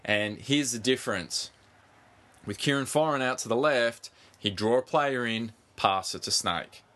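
A man co-hosting a casual sports podcast, animated, swearing freely and pushing on through interruptions. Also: mid-range voice, unhurried. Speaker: podcast co-host.

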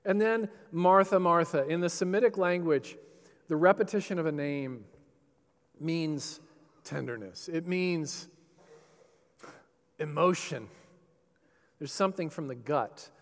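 A man preaching a sermon, swinging between loud, passionate emphasis and hushed, tender quoted lines. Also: on the high side, slow pace, long pauses. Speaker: pastor. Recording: long hall reverb.

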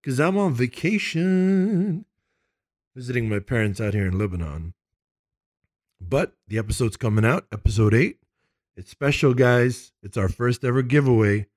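A man hosting a casual tabletop games podcast, animated and quick to laugh, recording in a makeshift home studio. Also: medium pitch, no echo. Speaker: podcast host.

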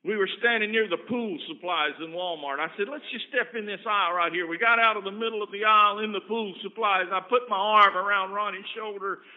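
Male preacher with a high voice, earnest camp-meeting storyteller, thin lo-fi tape. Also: brisk, hardly any pauses. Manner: earnest anecdotes that swing from loud to hushed. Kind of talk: storytelling sermon. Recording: tinny phone-like recording.

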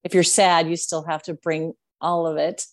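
A woman's voice: low voice, flat delivery, normal speed. A woman interviewing a guest, attentive and encouraging as she asks follow-up questions. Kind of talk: casual interview.

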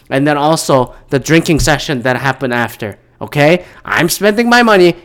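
A man's voice: a little high, fairly bright tone. A man talking alone in a casual monologue, rambling off on tangents and swearing freely as he rants. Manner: rambling, profane, goes off on tangents.

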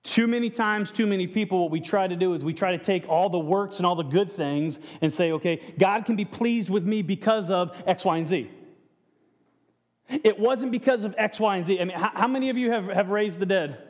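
High-voiced pastor in a reverberant hall. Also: male voice. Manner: frequent restarts, rhetorical questions to the congregation. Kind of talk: conversational sermon.

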